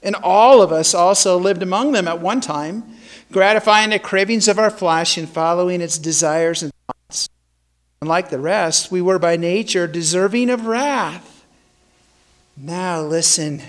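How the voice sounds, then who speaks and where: A male pastor preaching a sermon in a church sanctuary, telling a story dramatically and building to loud calls. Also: high-pitched, a little slow.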